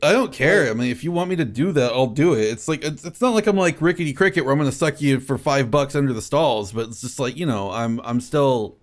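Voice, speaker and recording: Young man, mid pitch, halting speech, lots of fillers, podcast co-host. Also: lively intonation. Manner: halting, full of fillers and restarts. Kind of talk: casual chat.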